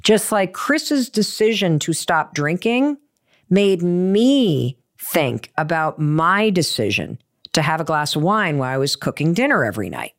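Brief: female advice host, low-ish voice, animated and self-mocking, hammers her points home. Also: measured pace. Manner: emphatic, repeats key points; animated storyteller, self-deprecating. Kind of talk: motivational advice talk with personal story.

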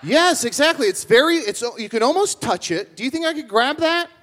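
A goofy, boastful tavern regular rambles in absurd tangents, as a man puts him on. His voice is very high and swoops about in lively turns. He delivers nonsense with a straight face. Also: a little fast. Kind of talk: live improv comedy.

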